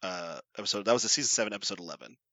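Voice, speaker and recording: A man co-hosting a podcast in casual chat, excitable and laughing often as he talks. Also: fairly low pitch, very fast, no echo. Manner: laughs a lot, animated and excitable. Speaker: podcast co-host.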